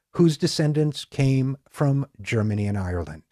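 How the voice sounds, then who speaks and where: A man's voice: mid-range voice, expressive, normal speed, a little mellow, dry recording, studio quality. A middle-aged man hosting a political commentary show, delivering a scripted monologue with sarcastic, mocking asides. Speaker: political talk show host.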